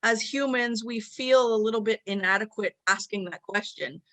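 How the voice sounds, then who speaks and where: Bright-voiced woman host, earnest. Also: fairly high pitch, normal speed, dry recording. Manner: earnest, explains at length with quoted examples. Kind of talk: casual conversation.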